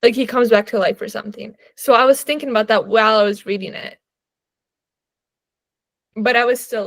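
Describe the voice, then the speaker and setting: A woman's voice: on the high side, steady tone, a little fast, pauses often, no room sound. A young woman co-hosting a book podcast, chatting casually and animatedly, laughing and filling her talk with "like". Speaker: podcast co-host.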